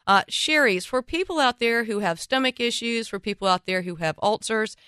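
Congested woman radio host, chatty and self-mocking, bright smooth voice, dry studio sound. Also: fairly high pitch, normal speed, no echo. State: congested from a cold. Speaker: radio talk show host. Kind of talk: casual radio talk.

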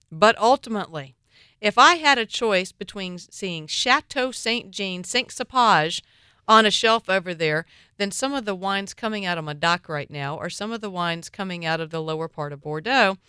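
A woman's voice: mid-range voice, lively intonation, moderate pace, bright, forceful tone, clear, resonant tone, no echo. A woman giving casual, opinionated wine commentary with punchy asides, recorded on a close mic.

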